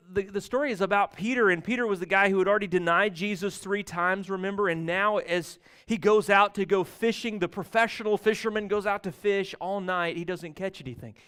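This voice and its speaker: High clear-voiced male preacher. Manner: conversational preaching, reads scripture aloud with asides; dynamic, swings between loud emphasis and soft asides. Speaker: pastor. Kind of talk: sermon. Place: church sanctuary.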